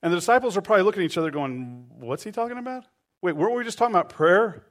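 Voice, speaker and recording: A man's voice: high voice, sing-song, rapid-fire, fairly bright tone. A middle-aged man preaching a sermon, telling a story animatedly and acting out the voices of the people in it. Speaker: pastor.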